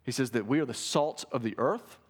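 A man preaching a sermon, animated and conversational, with asides to the congregation and quick restarts. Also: medium pitch, slightly rough. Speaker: pastor.

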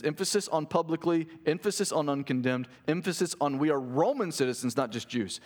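A man preaching a sermon, animated and conversational, with asides to the congregation and quick restarts. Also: a little high. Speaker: pastor.

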